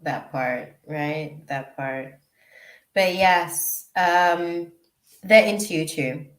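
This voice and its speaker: Slow, low-voiced tarot reader in echoey room. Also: female voice. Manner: chatty, emotional, reads out chat names and drifts off topic. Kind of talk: live-stream tarot reading.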